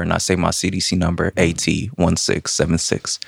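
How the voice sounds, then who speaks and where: A man in his twenties telling a personal story conversationally, in an animated, slangy, self-mocking way, recorded inside a prison. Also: deep voice, fairly quick, vocal fry, hardly any pauses, slightly rough, dry recording, studio quality. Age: 20s. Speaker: storyteller guest.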